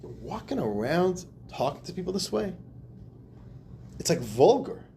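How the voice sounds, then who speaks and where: A man's voice: high-pitched, sing-song, measured pace, gravelly, mellow, a little hiss or hum. A man teaching a class as a rabbi, speaking expressively, acting out quotes and laughing often. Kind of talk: animated lecture.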